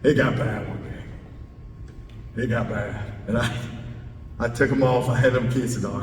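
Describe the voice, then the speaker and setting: A man's voice: steady tone, a little slow, pauses often, a little mellow. A man, a head football coach speaking to a club and taking audience questions, stressing points by repeating words. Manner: emphatic, repeats key words. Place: large meeting hall indoors. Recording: roomy hall, distant mic, faint rumble.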